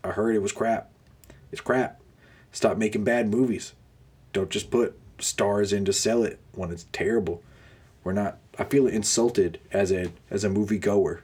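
A man's voice: fairly low pitch, fairly even intonation, unhurried, a little mellow, breathy edge. A young man hosting a podcast, ranting sarcastically with frequent groans of disgust. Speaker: podcast host. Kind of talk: casual ranting monologue.

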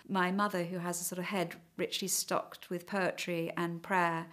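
A woman's voice: on the low side, flat delivery, a little fast, gravelly, few pauses, a bit bright. A middle-aged woman giving a hesitant, reflective personal account in conversation, with frequent fillers. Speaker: interviewee.

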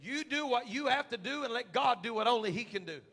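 A male pastor, preaching a fervent sermon to his church and swinging between loud shouted calls and quiet, close prayer. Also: extremely high pitch, expressive, a little fast, husky. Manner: preaching with rising shouted fervor. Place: church sanctuary.

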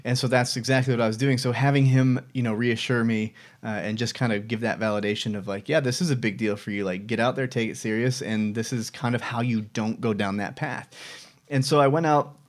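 A man in his thirties hosting a casual personal vlog, talking reflectively with many fillers and restarts. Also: mid-range voice. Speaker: vlog host.

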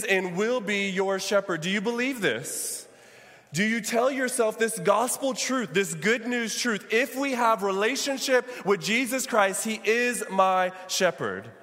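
A man's voice: sits high, a bit bright, big-room sound. A man preaching a sermon as pastor, calling on his congregation to repeat lines after him. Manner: preaching with call-and-response to the congregation.

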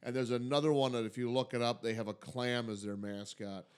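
A man's voice: medium pitch, fairly even intonation, fairly quick, a little mellow, clear, resonant tone. A man co-hosting a podcast from Michigan, rambling and joking in casual chat with many fillers. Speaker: podcast co-host.

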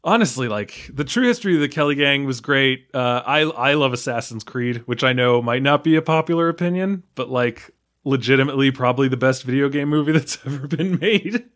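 A man's voice: mid-range voice, expressive, fairly quick, fairly bright tone. A man from the United States talking casually about a film, rambling with many fillers, restarts and small laughs. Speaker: film podcast guest.

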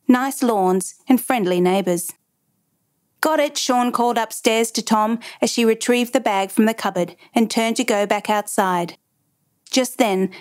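A woman reading a dramatic true story aloud in measured, even narration. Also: mid-range voice.

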